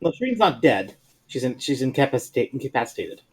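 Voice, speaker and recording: A man's voice: medium pitch, sing-song, fast talker, breathy edge. A man playing a tabletop game, talking in a hesitant, stop-start way. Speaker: player. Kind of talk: casual tabletop role-play.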